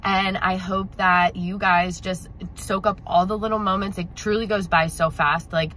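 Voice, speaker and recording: A woman's voice: mid-range voice, flat delivery, normal speed, a bit bright, a little hiss or hum, low-quality recording. A woman recording a heartfelt video message for a friend, emotional and gushing, often repeating herself.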